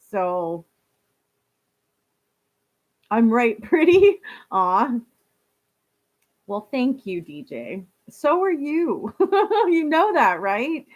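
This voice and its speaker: A woman chatting casually on a live stream, reading viewer comments aloud and laughing often. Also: fairly high pitch.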